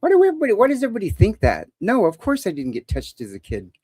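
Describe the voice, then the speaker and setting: A man's voice: high-pitched, huge pitch swings, racing, darkish tone, breathy edge, no echo. A man hosting a live call-in show, talking in a casual, opinionated and joking way.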